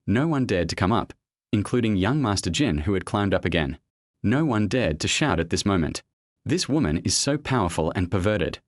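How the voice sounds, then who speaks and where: A man's voice: lowish voice, expressive, moderate pace, no echo, studio quality. A man narrating a web novel as an audiobook, telling the story steadily.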